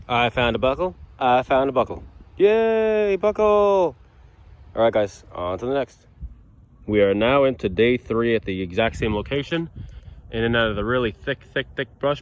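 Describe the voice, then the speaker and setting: A man with a New York accent, narrating his metal detecting finds outdoors in casual, chatty vlog style and getting excitable. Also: on the low side, clear, resonant tone. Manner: excitable, chatty, stumbles over words when thrilled. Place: outdoors in thick brush.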